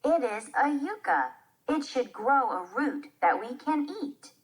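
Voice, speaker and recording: A determined young girl, read aloud by a woman in a slow, sing-song storybook voice. The pitch moves around a lot. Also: very animated, breathy edge, full character voice. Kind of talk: reading a children's play aloud.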